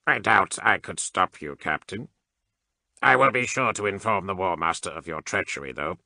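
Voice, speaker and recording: Cold mechanized male cyborg priest, voiced by a male narrator; very deep, sharp edge, calculating. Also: vocal fry, no room sound, full character voice. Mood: cold, detached. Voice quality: flat mechanical delivery. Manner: measured, clipped, unhurried formal speech. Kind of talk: audiobook character reading.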